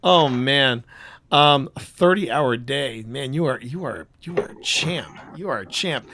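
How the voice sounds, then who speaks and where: A man's voice: medium pitch, expressive, a little slow, bright, forceful tone. A man hosting a casual live gaming podcast, rambling with frequent restarts and fillers. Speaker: podcast host. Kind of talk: casual live-stream chat.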